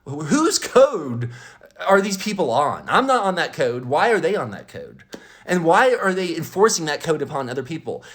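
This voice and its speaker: A man telling a story as a podcast host, indignant and animated, acting out both sides of an argument with many restarts and stammers. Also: on the high side, brisk. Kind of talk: ranting storytelling monologue.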